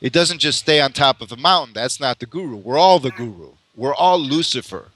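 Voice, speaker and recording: A man's voice: medium pitch, lively intonation, fairly quick, a bit bright. A man in a casual conversation on mysticism, musing at length, restarting phrases and laughing often. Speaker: spiritual teacher in conversation.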